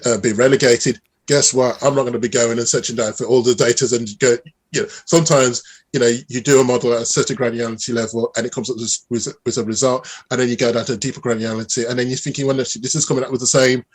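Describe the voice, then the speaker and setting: Man, middle-aged, husky voice, lively storyteller, interview guest. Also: mid-range voice, fast talker. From Birmingham, England. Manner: animated storyteller, many restarts. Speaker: mathematician guest. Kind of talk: conversational interview.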